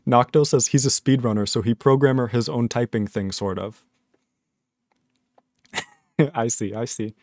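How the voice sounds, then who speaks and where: Casual male streamer, mid-pitched, dry close sound, laughs a lot while reading chat. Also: a little slow, long pauses, darkish tone, no echo. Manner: laughs often, reads chat messages aloud, easily puzzled.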